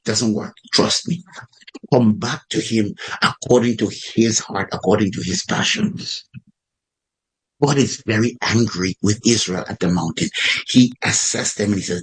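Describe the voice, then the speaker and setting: A man preaching a sermon, acting out prayers with a raised voice and lively delivery. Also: medium pitch, unhurried, breathy edge, low-quality recording.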